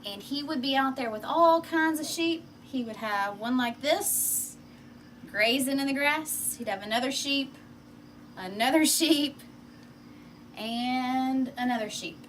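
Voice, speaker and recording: Slow, high-voiced woman telling a fable. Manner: expressive and animated. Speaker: storyteller. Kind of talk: children's story read aloud with props. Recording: distant mic, faint background noise.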